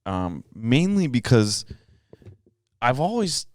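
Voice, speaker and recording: A man's voice: medium pitch, big pitch swings, slow pace, dry recording, studio quality. A man co-hosting a podcast, chatting casually in a joking, rambling way. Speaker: podcast co-host. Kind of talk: casual chat.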